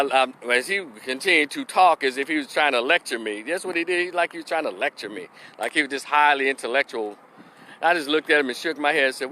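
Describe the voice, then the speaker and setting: Bright-voiced man telling a story. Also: medium pitch, slight background noise. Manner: animated, acts out voices, laughs often. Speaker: vlogger. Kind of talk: casual storytelling vlog.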